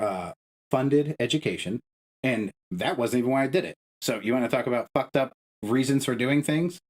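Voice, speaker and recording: On a roughly recorded podcast, a young male co-host rants heatedly, cursing and pushing his point hard. His mid-level voice shoots up sharply when he gets fired up, in what sounds like a casual talk between friends.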